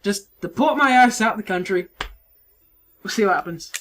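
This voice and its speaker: A woman chatting over a video game with a lively, wide-ranging voice, faint game music underneath. She talks in a swearing, self-mocking way and drifts on and off the mic as she moves around. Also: mid-range voice, moderate pace. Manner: chatty, swearing, self-mocking, swings between yelling and mumbling. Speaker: let's play commentator. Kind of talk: casual game commentary. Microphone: desk mic, moves around it while playing.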